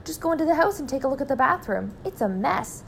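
Woman voicing a storybook mother, frantic, shrill, very high. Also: sing-song, fast, creaky, slight background noise, full character voice. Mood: fussy. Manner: pleading, shrill.

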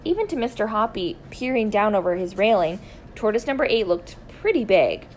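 A woman reading a children's story aloud, expressive and deliberate, slowing down for emphasis. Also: mid-range voice, a little hiss or hum, rough recording.

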